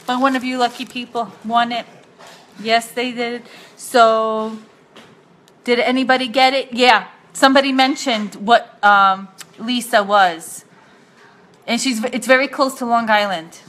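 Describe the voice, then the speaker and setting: A young woman hosting a casual live-stream chat, gushing and excitable, laughing often. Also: a little high, a little slow. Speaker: host.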